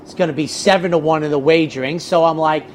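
A man's voice: fairly high pitch, quick pace, slight background noise. A man who handicaps horse races, telling stories in casual chat and often repeating words as he starts a thought. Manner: animated storyteller, repeats words when starting. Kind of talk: casual racing talk show chat.

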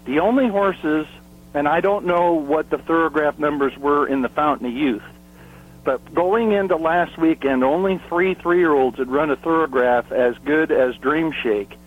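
A man who covers horse racing, giving emphatic analysis full of statistics and rhetorical questions, clearing his throat often. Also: on the high side, a little slow. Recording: phone line.

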